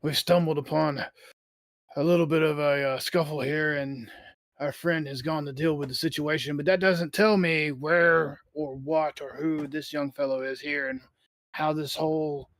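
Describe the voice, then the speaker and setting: Measured formal man in role-play. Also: fairly high pitch, fairly even intonation, a bit bright, no room sound. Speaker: player.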